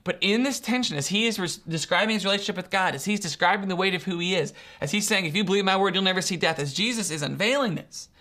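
An earnest preacher delivering a sermon, leaning hard on key words and slowing down to let them land. The voice sits at an ordinary middle pitch. The talk often circles back on itself with repeated phrases and questions put to the listeners. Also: bright, forceful tone. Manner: earnest, emphatic, asks rhetorical questions; repeats and restarts phrases, slows for emphasis.

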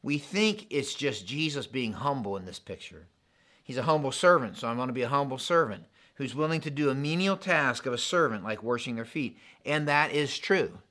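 A pastor preaching a sermon, in an animated, conversational style built on contrasts. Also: male voice, mid-range voice, normal speed.

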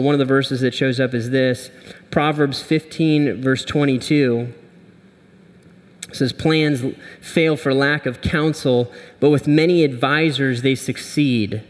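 A man's voice: mid-range voice, long reverb tail. Conversational male pastor preaching. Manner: conversational, humorous, asks "right?" often. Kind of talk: sermon.

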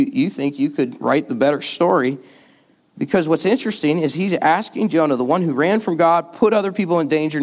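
A man preaching a sermon in a casual, conversational way, full of filler words and sudden jumps in pitch for emphasis. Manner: animated, swings pitch up and down for emphasis.

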